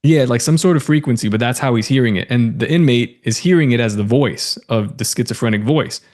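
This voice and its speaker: A man who is a podcast guest, retelling a story in a casual, animated way. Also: mid-range voice, fairly quick.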